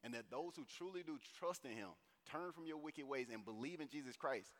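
A man preaching a sermon in an animated, conversational way with slang. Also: on the high side, a little fast. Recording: long hall reverb.

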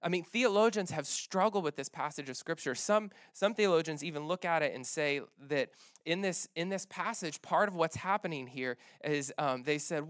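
A man's voice: fairly high pitch, fairly quick, few pauses, no room sound, clean studio sound. A man preaching a sermon in a conversational way, often restarting phrases and acting out the people in the story. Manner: conversational, many restarts and fillers, animated retelling. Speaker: pastor.

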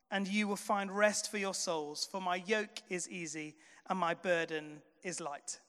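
A pastor preaching a sermon, chatty and relaxed, often sliding into "um" and "sort of". His voice sits high and comes through smooth and resonant. A long reverb from a big church hall trails behind him. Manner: conversational storytelling, frequent fillers.

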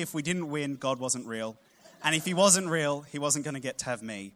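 Animated man preaching. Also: medium pitch, a little fast. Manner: humorous storytelling, animated emphasis. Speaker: pastor. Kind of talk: sermon.

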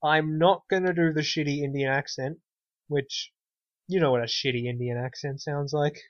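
With a voice on the high side and fairly even intonation, a man co-hosts a podcast at normal speed, with no room sound. He chats casually and sarcastically, frequently trailing off before restarting, in dull, dry lo-fi sound.

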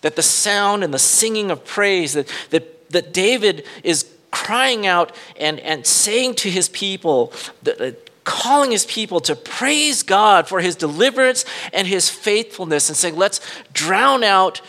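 Male pastor, fairly high bright voice, loose conversational sermon that builds up in the dramatic parts. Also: lively intonation, unhurried, hardly any pauses. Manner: informal, thinks aloud and corrects himself mid-sentence; rises in pitch and volume when retelling dramatic scenes.

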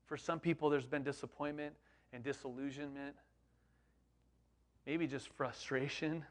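A man preaching a sermon in a conversational, animated way, with frequent rhetorical questions to the congregation. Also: mid-range voice, measured pace. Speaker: pastor.

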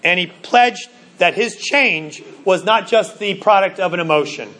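Brief: male pastor, high voice, earnest sermon delivery, slows to stress points. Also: pushed and bright. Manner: earnest, stumbling restarts, slows for emphasis.

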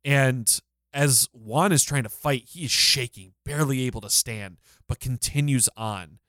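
A man's voice: medium pitch, unhurried, a bit bright, dry recording. A man co-hosting a podcast, retelling a scene in close detail with enthusiasm. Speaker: podcast co-host. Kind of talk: casual recap discussion.

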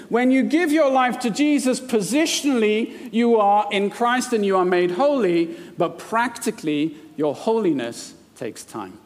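A man from India preaching a sermon, mixing scripture readings with playful, jokey asides. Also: high voice. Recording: long hall reverb.

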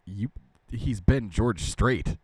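Man, low voice, casual podcast co-host, joking and rambling, dry close sound. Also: slow, husky, no echo. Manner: jokey, slips into goofy mumbled drawl. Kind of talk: casual chat.

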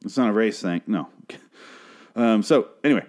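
A man recapping a TV episode in a casual monologue, rambling and profane, breaking off to act out the characters' lines in animated voices. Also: fairly low pitch, normal speed. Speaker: show recapper.

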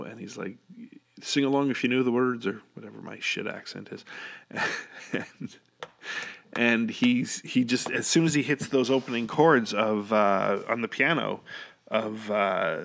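A man's voice: fairly low pitch, a bit bright. A middle-aged man telling stories in a casual, rambling monologue, swearing freely and full of fillers and restarts. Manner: rambling, profane and enthusiastic, many fillers.

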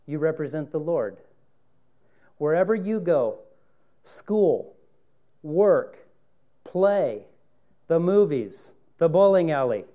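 A male pastor preaching a sermon with dramatic swings between hushed and raised lines, acting out dialogue from scripture. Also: fairly high pitch.

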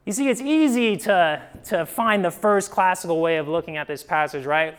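Preaching with a conversational, storytelling feel, this young pastor from Ohio keeps tossing in "right?" and moves from forceful bursts to hushed moments. He has a high-sitting, clear, resonant voice and speaks at a moderate pace.

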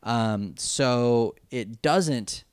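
A man's voice: medium pitch, very slow, clean tone, dry recording, clean studio sound. A man recapping a cartoon episode in a rambling, jokey casual chat, full of fillers. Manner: rambling and jokey, with many fillers and mock voices. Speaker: podcast co-host recapping an anime.

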